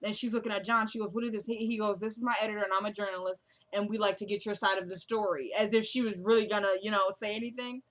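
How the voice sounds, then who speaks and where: A woman's voice: medium pitch, level tone, quick pace, hardly any pauses. A young woman casually recapping a TV drama episode, chatting and laughing, and she drops her voice to quote the characters' lines. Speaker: show recap vlogger.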